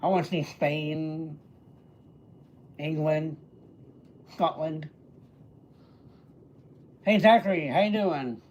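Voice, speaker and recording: A man's voice: a little high, takes it slowly, pauses often, a little mellow, slight background noise. A man hosting a live stream, casually greeting viewers by name and answering their questions. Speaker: livestreamer and entertainer. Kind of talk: casual livestream chat answering viewer comments.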